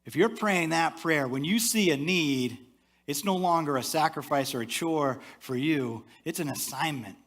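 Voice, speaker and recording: A male pastor preaches in church, addressing the congregation conversationally and lowering to a soft, quiet voice for side remarks. He speaks at a normal speed.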